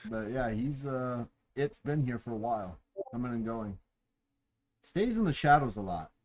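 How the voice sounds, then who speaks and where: A man running a tabletop game as game master, relaxed and laughing as he narrates the tavern scene. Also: mid-range voice, normal speed, poor audio.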